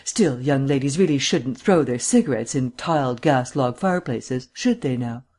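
A man reading an audiobook, voicing a cool, cynical gentleman detective with a drawling, mildly mocking manner. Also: medium pitch, animated, moderate pace, close to an everyday voice. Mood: urbane, amused.

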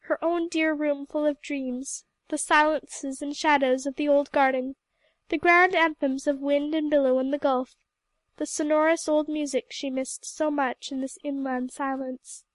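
High-voiced woman reading a novel aloud. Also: fairly even intonation, a little slow, no room sound. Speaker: audiobook reader. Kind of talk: scripted narration.

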